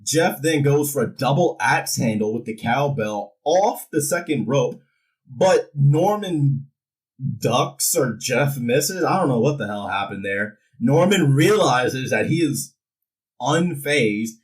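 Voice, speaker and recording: A man's voice: mid-range voice, slow, recorded from a distance, poor audio. A man casually recapping a wrestling show, jokingly acting out the wrestlers' lines. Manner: animated, jokey, acts out wrestlers' lines. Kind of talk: casual recap with comic impressions.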